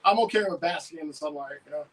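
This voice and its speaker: Man co-host, laid-back play-by-play with ribbing, high husky voice, sits back from the mic. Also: fast, a bit bright, recorded from a distance, poor audio. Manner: joking, trash-talking, easygoing. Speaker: livestream co-host, calling plays. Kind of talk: casual play-by-play and banter. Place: sunlit room at home. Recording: voice a bit off-mic.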